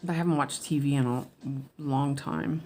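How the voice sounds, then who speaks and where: A woman chatting casually as she stitches, answering viewers and muttering quietly to herself as she works. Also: deep voice, steady tone, moderate pace, a little hiss or hum. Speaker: cross-stitch designer and streamer.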